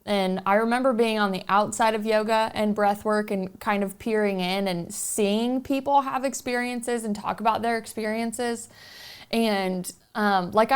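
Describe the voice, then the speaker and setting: A woman with a smooth, clear voice hosts a relaxed conversation. She talks candidly and openly, slipping into quotes of her own inner thoughts as she goes. Her pitch sits in an ordinary middle range. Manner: open, candid, talks through feelings with self-quoting asides. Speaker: podcast host. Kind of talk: casual conversational chat.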